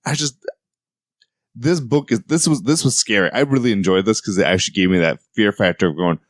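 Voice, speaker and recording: Low-voiced man chatting about comics. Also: fairly quick, no echo, studio quality. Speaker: podcast co-host. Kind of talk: casual comic book chat.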